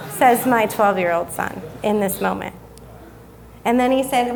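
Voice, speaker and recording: A woman, giving a sermon as a guest speaker, telling a family story in a chatty, self-deprecating way and softening when she reflects. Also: on the high side, unhurried, gravelly, slight background noise. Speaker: guest speaker at a young adult service.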